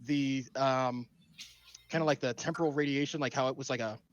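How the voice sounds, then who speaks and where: A man's voice: medium pitch, fairly even intonation, a little fast, muffled recording. A man playing a tabletop role-playing game, rambling and searching for words with many fillers. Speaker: player.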